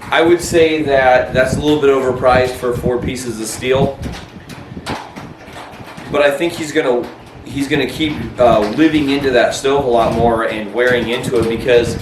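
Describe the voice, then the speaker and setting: A man reviewing outdoor gear in casual chat, relaxed and laughing often, recorded outdoors at a campsite. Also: mid-range voice, normal speed, echoey room, noisy background.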